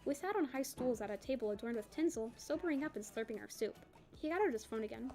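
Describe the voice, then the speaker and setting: A woman reads a novel aloud for a book club, telling it in an expressive first-person voice. Her pitch sits a little high for a woman. She moves through the text at a quick clip. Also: soft background music.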